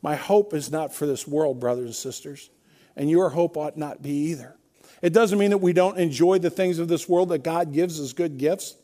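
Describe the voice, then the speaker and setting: This sermon comes from a middle-aged male pastor whose mellow voice is notably high and moves at a moderate pace. He talks in a conversational, emphatic style, repeating refrains one after another as his points build.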